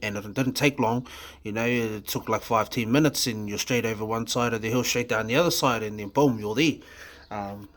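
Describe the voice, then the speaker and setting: This New Zealand man's voice sits on the low side, carrying a New Zealand accent as he vlogs about his recovery. He speaks candidly but haltingly, with fillers, restarts and casual swearing throughout.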